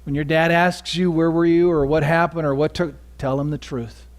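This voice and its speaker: A man preaching from the pulpit in a sermon, his voice sitting a little high for a man. He swings between near-whispered asides and loud, climbing emphasis. He keeps asking his listeners questions and pausing for answers. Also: little pitch movement. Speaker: pastor. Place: church sanctuary.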